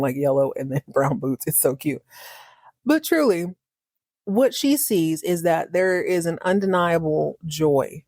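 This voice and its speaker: Brief: woman recapping TV episodes, animated and slangy, low voice. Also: no echo, clean studio sound. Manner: animated, slangy, joking asides. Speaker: podcast host.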